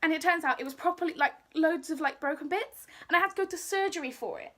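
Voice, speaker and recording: A woman tells a story in a high, light voice. She is animated and casual, acting out the other people in it. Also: quick pace. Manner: animated, acts out what people said. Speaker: vlogger.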